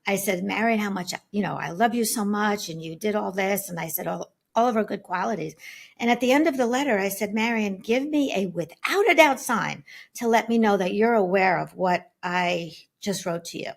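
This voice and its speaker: A woman guest speaker telling personal stories on an online panel, animated, acting out voices as she goes. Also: medium pitch, normal speed, creaky. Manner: animated storyteller, acts out voices. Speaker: guest speaker on spirit signs. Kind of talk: storytelling in a panel talk. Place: online summit panel, video call.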